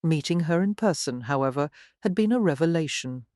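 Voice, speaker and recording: A woman's voice: low voice, expressive, brisk, darkish tone, no echo. Woman narrating a romance audiobook, dry sound. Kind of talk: scripted narration.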